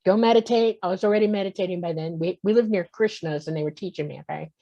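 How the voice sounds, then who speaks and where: A woman's voice: on the low side, fast, vocal fry, mellow. A woman in her sixties telling a personal story as a guest on a talk show. She acts out the voices in her story and keeps checking in with "okay?". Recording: muffled lo-fi audio.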